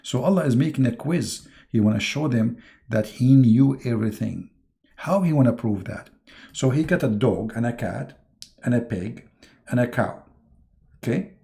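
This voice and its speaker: A man hosting a livestream, giving mocking commentary in a halting way, with many fillers and sudden jumps into put-on voices. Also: mid-range voice, lively intonation, vocal fry, warm tone. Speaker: online religious debater and host.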